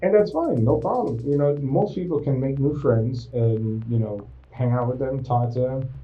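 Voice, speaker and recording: A man as a police detective, calmly pressing a suspect with questions. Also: mid-range voice, normal speed. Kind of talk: interrogation questioning. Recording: tinny distant interview room audio.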